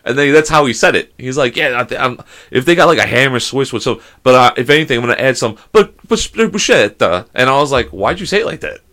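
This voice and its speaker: A man's voice: mid-range voice, lively intonation, quick pace, bright, forceful tone. A young man co-hosting a casual podcast, telling rambling stories full of swearing and impressions of his friends. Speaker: podcast co-host. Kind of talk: casual chat, storytelling.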